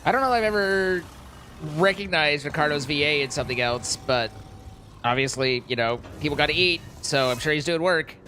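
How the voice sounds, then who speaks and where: A man's voice: fairly high pitch, a little fast, bright, forceful tone, slight background noise. A man streaming a game, chatting casually with viewers and reacting to the gameplay. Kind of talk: casual live-stream commentary. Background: game music.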